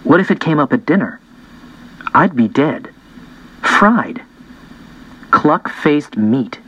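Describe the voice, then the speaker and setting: A man reading a story aloud in an expressive first-person narration. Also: fairly high pitch, takes it slowly, slightly rough, lo-fi sound. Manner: lively, expressive reading with voiced dialogue. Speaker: audiobook narrator.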